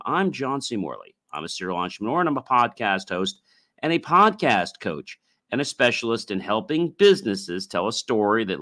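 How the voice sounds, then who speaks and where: A man with a fairly low voice hosts a solo podcast in a loose, rambling way, full of fillers and repeated phrases. He stops now and then to chant long, drawn-out oms for the listener. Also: sharp tone. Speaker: podcast host. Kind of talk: casual solo podcast talk.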